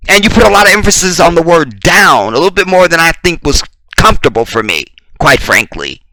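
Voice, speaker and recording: A man's voice: fairly high pitch, very animated, brisk, pushed and bright, no echo. A man giving a combative, profane reaction commentary full of rhetorical questions.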